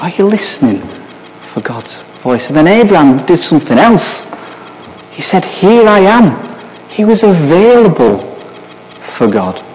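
A man preaching in a church hall, his voice sitting a little high and swinging widely in pitch. He speaks slowly and keeps turning to his listeners with questions. Long reverb trails every phrase. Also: a little mellow. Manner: asks the listeners many searching questions. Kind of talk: sermon.

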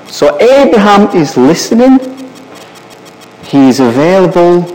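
A man preaching in a church hall, his voice sitting a little high and swinging widely in pitch. He speaks slowly and keeps turning to his listeners with questions. Long reverb trails every phrase. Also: very animated, darkish tone. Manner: asks the listeners many searching questions. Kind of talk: sermon.

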